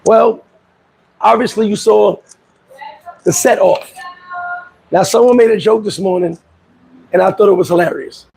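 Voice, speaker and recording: Host, male, high gravelly voice, lively storyteller who acts out his quotes. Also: measured pace, long pauses, low-quality recording. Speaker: vlog host. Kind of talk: casual commentary. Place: Dominican Republic.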